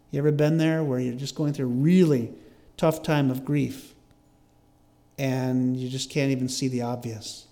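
A man's voice: on the high side, mellow, big-room sound. A man preaching a sermon as a pastor, reading scripture and explaining it verse by verse in an earnest way. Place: church sanctuary.

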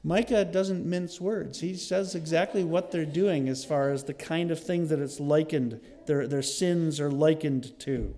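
A man's voice: fairly high pitch, measured pace, few pauses, mellow. A man preaching a sermon, emphatic and conversational, driving points home with repeated lists.

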